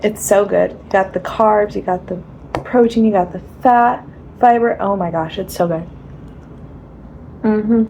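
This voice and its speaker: A woman's voice: mid-range voice, a little slow, vocal fry, pauses often, mellow, a little hiss or hum. A young woman chatting casually in a rambling, laughing way as she vlogs her day. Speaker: vlogger. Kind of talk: casual vlog chat.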